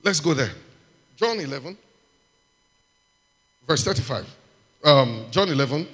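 A man preaching a sermon, reading scripture and calling out amens and hallelujahs with animated emphasis. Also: fairly high pitch, measured pace, breathy edge. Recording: long hall reverb.

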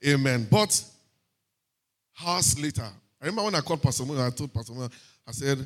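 A man with a Nigerian accent giving a sermon testimony in church, lively and sprinkled with hallelujahs and pidgin asides. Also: fairly high pitch, moderate pace, long pauses. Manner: lively, punctuated by frequent hallelujahs and amens. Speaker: preacher sharing a testimony.

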